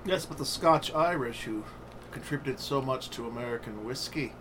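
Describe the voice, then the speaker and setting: A man co-hosting a podcast in casual chat, blunt and quick to swear. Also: medium pitch, background noise. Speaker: podcast co-host.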